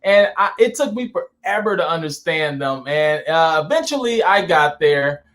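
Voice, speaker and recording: A man from Saint Louis, a guest in a casual interview, telling animated anecdotes with lots of fillers. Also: fairly high pitch, moderate pace. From Saint Louis, USA. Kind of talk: casual storytelling chat.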